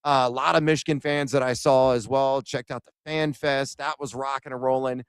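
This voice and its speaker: A man co-hosting a sports radio show, excitedly recounting his day at a basketball event and acting out the conversations. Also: mid-range voice, normal speed, clean tone, no echo. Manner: animated storyteller, acts out quoted exchanges.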